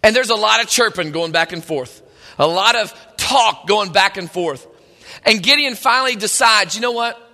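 Bright, high-voiced male preacher. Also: normal speed. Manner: animated, conversational storytelling. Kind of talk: sermon. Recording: long hall reverb.

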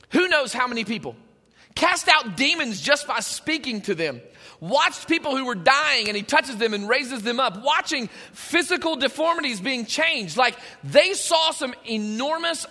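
A man preaching a sermon, telling the story in an animated way and acting out the scenes. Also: very high voice, big-room sound. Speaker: pastor.

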